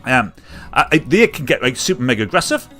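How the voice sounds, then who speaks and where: British bloke ranting on a comedy livestream, jokey, voice jumps all over, faint guitar music behind. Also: male voice, mid-range voice, big pitch swings, brisk. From United Kingdom. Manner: chatty, jokey, mimics catcallers with loud honks and whoops. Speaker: livestream comedy show host. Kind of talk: casual comedic rant.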